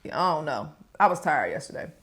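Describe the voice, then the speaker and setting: A woman's voice: deep voice, expressive, a little fast, a bit bright. A woman vlogger chatting casually with her viewers while she eats a meal on camera. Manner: chatty, talks straight to viewers. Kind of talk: casual mukbang chat.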